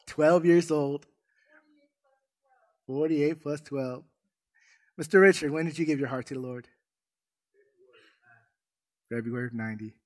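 A man's voice: fairly high pitch, takes it slowly, long pauses, darkish tone. Emphatic male pastor preaching a sermon. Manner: emphatic, storytelling. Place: church sanctuary.

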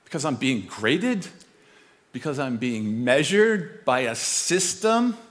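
A man's voice: medium pitch, slow pace. Man preaching with long hall reverb. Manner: conversational, animated storytelling with self-deprecating chuckles. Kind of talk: storytelling sermon.

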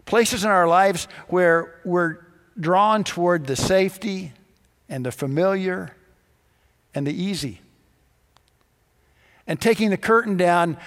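A pastor delivering a sermon, telling stories and acting out the dialogue in different voices. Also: male voice, sits high, in a large hall. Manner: storytelling, acts out dialogue in quoted voices.

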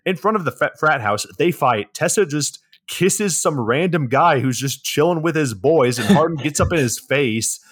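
A man's voice: a little high, expressive, normal speed, hardly any pauses, fairly bright tone, slightly rough, dry recording, clean studio sound. Laid-back man recapping a movie. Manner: laid-back, profane recapping with mocking quotes. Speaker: podcast co-host. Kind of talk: casual movie recap podcast.

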